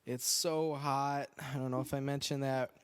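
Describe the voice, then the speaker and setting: A man hosting a podcast in a dry, sarcastic voice, full of deadpan jokes. He talks in a casual, rambling way, pitched in the middle range for a man. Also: moderate pace, smooth. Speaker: podcast host. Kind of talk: casual chat. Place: indoors on a couch.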